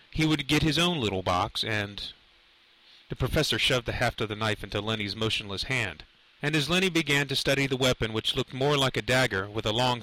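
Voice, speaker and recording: A man narrating a dark novel aloud, in a measured, dramatic storytelling manner. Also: medium pitch, rough recording. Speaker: audiobook narrator. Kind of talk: scripted narration.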